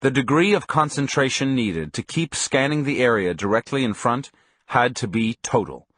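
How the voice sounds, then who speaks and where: A man reading an audiobook in scripted narration, measured and even. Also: medium pitch, dry recording.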